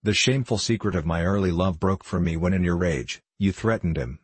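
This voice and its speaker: A terrified middle-aged lady begs faintly, as a man reads her aloud. The voice stays very low and husky. The recording is dry and close. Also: brisk, no echo. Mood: begging. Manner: faint, begging.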